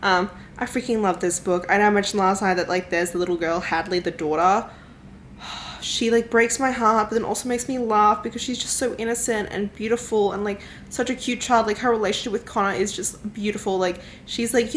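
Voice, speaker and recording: Young woman, book vlogger, effusive casual chat, mid pitch, faint background noise at home. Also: fairly quick. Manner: gushing, effusive, many fillers. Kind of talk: casual reading vlog chat.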